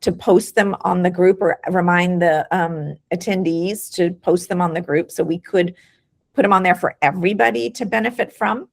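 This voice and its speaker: A woman's voice: lowish voice, normal speed, gravelly. A woman doctor hosting a webinar over a video call, talking in an encouraging, casual way and often repeating a word as she starts a thought.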